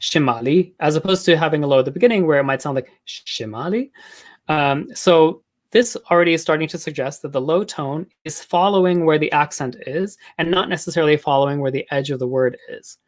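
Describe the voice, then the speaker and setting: A man's voice: on the high side, fast talker. A man giving an academic linguistics talk, explaining in a casual way with many filler words and small restarts. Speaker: linguistics lecturer.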